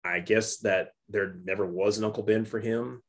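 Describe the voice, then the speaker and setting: A young man co-hosting a casual movie review chat, talking in halting bursts full of restarts and repeats. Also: on the low side, fairly even intonation. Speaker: podcast co-host.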